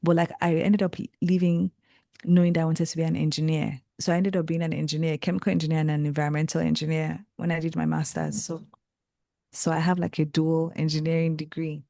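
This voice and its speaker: Her voice is deep with some vocal fry, and she talks a little fast on a dry, clean studio recording. This young Nigerian guest, who works as a creative and reads tarot, is earnest and thoughtful in a relaxed interview. She gets animated and keeps correcting herself, often starting her sentences over.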